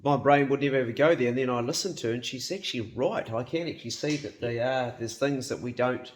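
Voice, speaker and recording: A New man in his fifties talks casually to camera in his home kitchen. He is blunt, swears freely and laughs easily, at a middling pitch. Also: fast talker, slight background noise. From New Zealand. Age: 50s. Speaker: hunting and cooking vlogger.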